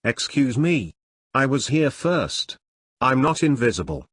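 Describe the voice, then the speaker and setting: A man's voice: medium pitch, big pitch swings, measured pace, a bit bright, slightly rough, no echo, studio quality, heavily acted. A man reading the lines of a small, overlooked little girl who pleads to be noticed. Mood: insistent.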